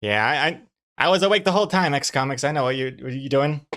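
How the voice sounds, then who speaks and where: A man's voice: mid-range voice, fast, a bit bright, slight background noise. A man streaming as a comic artist, joking around in a mock self-pitying way with his partner. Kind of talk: casual stream banter.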